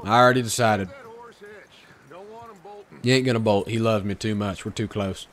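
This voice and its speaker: A young man doing loud, profane, excitable commentary while playing a video game. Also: lowish voice, moderate pace. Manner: profane, excitable trash talk. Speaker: gaming streamer. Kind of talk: gameplay commentary.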